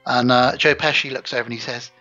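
A man's voice: medium pitch, fairly even intonation, quick pace, pushed and bright, lo-fi sound, faint music behind. A man co-hosting a casual podcast, retelling film scenes and acting out lines of dialogue. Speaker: podcast co-host.

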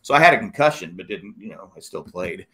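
A middle-aged man in casual chat, telling rambling, animated stories with many restarts. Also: on the low side, quick pace.

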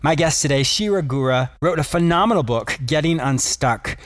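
A man's voice: a little high, expressive, normal speed, no echo. A man hosting his own podcast and radio show as a psychotherapist, opening with an upbeat, promotional intro and then moving into an explanatory teaching talk.

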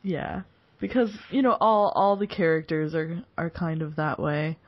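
A woman's voice: sits low, moderate pace. A woman in her forties hosting a podcast, chatting casually and laughing often between phrases. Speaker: podcast host. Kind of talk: casual chat. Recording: dull lo-fi podcast audio.

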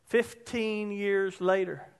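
A man's voice: sits high, fairly even intonation, slow pace, clear, resonant tone. A male pastor preaching a sermon in a conversational, emphatic way, weaving in personal stories.

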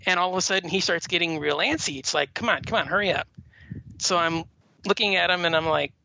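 A man's voice: on the high side, creaky, pushed and bright. A man talking as a podcast guest, telling a long story in a rambling way with many fillers and restarts. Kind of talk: casual chat. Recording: dull lo-fi audio with faint noise.

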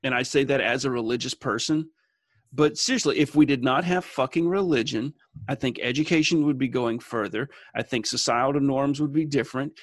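A man in a casual group chat, ranting with lots of swearing and a lively, joking manner. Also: mid-range voice, a little fast, no room sound, clean studio sound. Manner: profane, animated ranting.

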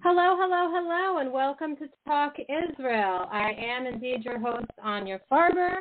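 A woman's voice: high voice, lively intonation, normal speed, background noise. A woman hosting a radio talk show, chatting casually in a playful, teasing way. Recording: phone-like narrow band.

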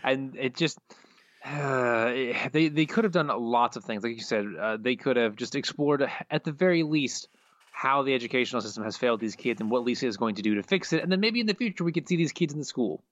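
Male podcast co-host, mid-pitched voice, dry and muffled lo-fi sound, steady plot recap full of "uh"s. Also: a little fast, no room sound. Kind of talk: casual chat.

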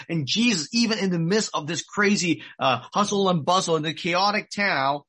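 A man's voice: sits high, bright, forceful tone, husky. A middle-aged man preaching a sermon, retelling a story earnestly and repeating his key points. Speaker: pastor.

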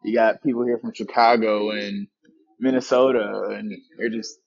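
A man from the Atlanta area who is a minor league pitcher, talking in a relaxed, hesitant way and often saying "like". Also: normal speed, vocal fry, dull audio. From Atlanta area, USA. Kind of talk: casual interview.

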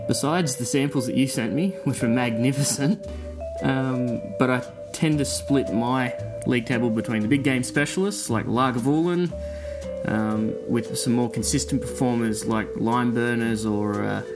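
An Australian man, a podcast listener, answers interview questions in a measured, thoughtful way, saying "um" frequently. He has a mid-range voice and speaks over music.

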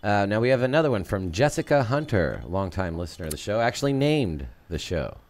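A man's voice: on the low side, very animated. A man co-hosting a podcast, bantering and reading out listener questions. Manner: quick, joking banter. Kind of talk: casual chat.

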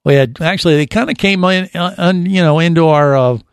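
A man's voice: fairly high pitch, a little fast, clear, resonant tone, no echo. A man hosting a radio show, chatting in a casual, rambling and joking way in a studio. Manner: jokey, rambling banter.

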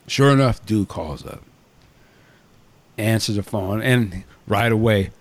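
A man's voice: lowish voice, normal speed, a little mellow. A man hosting a podcast, telling a story in a blunt, profane, casual way. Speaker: podcast host.

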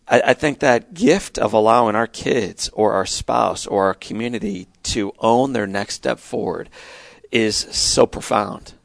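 A man's voice: on the low side, unhurried, creaky, no room sound. A middle-aged man, a podcast guest, telling a personal story with earnest, emphatic storytelling. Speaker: guest speaker.

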